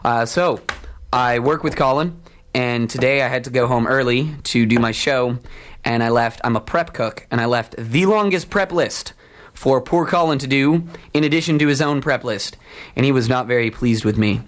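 A man's voice: medium pitch, normal speed. A man hosting a campus radio show, chatting casually and rambling with many ums and uhs, joking at his own expense. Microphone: studio microphone.

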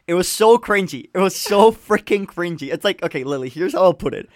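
A man's voice: sits high, fairly quick, dry recording. A man co-hosting a podcast who rants animatedly and laughs often in casual chat. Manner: animated, ranting, laughs a lot. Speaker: podcast co-host.

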